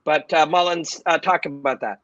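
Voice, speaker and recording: A man hosting a video call chat, telling stories in a casual, profane, animated way. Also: on the high side, normal speed, dry recording, dull audio. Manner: animated, profane, tells stories with acted-out quotes. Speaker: host. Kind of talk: casual storytelling.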